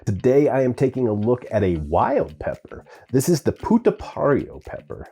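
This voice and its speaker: A man's voice: medium pitch, wildly swooping pitch, moderate pace, gravelly, hardly any pauses, warm tone, breathy edge, soft background music. A man hosting a gardening channel, chatting casually to camera and owning up that he can't pronounce plant names. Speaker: gardening and pepper-tasting channel host. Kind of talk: casual vlog talk to camera.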